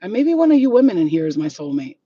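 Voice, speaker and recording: A high-pitched, husky man tells bawdy stories in a giggly, flamboyant vlog chat. He sounds a little away from the mic, and the sound is dull and muffled. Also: very animated, fast, dry recording, recorded from a distance. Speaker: vlogger. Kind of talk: casual chat to camera.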